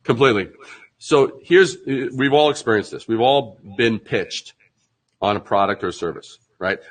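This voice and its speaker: Animated man explaining with mock pitches. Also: measured pace, poor audio. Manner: lively, acts out mock sales pitches, laughs often. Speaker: branding expert guest.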